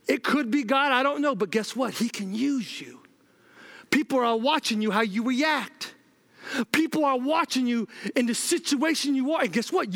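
A man's voice: very high-pitched, a bit bright. A man preaching a sermon, urgently repeating "listen" to the congregation and telling personal stories with acted-out dialogue.

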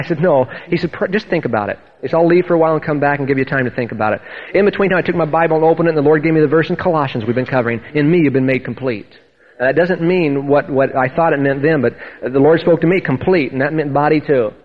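A pastor telling a testimony from the pulpit, acting out the people in his story with lively storytelling. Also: a little high, fast, phone-quality sound. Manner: animated storytelling, acting out quoted voices. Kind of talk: sermon testimony.

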